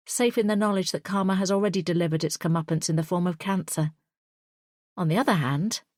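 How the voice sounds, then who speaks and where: Low-voiced woman narrating a thriller. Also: a little mellow, no echo, clean studio sound. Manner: tense, measured first-person storytelling. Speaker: audiobook narrator. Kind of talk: scripted audiobook narration.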